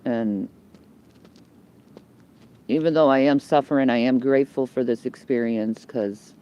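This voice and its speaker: A woman's voice: a bass voice, unhurried, dull audio. Foul-mouthed woman ranting into her phone. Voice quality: heavy swearing, blunt and combative. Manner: rambling, repeats herself. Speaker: livestreamer. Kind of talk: homeless livestream rant. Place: outdoors under a building in the cold. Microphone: phone held by the speaker.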